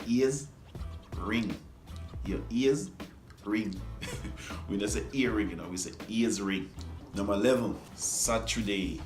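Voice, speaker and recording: A man from Jamaica with a Jamaican accent, casually vlogging about pronunciation in a playful way, chuckling and repeating words slowly. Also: low voice, roomy sound. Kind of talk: casual vlog explaining pronunciation.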